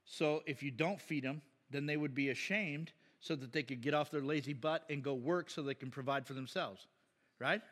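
A man with a somewhat high voice preaches at a normal speed, his words carrying the sound of a big room. He's a pastor giving a blunt, animated, conversational sermon, exchanging remarks with his congregation in church.

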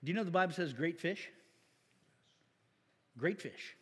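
A man with a high voice preaches to his congregation in a loose, folksy way, tossing questions out to them. His words ring with a long reverb, as if in a church sanctuary. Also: lively intonation, a little slow, fairly bright tone, breathy edge. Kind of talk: conversational sermon.

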